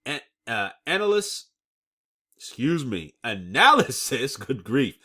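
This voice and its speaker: A man's voice: medium pitch, pushed and bright. A man hosting his own channel, reading out news reports and commenting on them emphatically, often checking in with "okay?" and laughing off his own stumbles. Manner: stumbles over words and laughs at himself. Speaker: channel host.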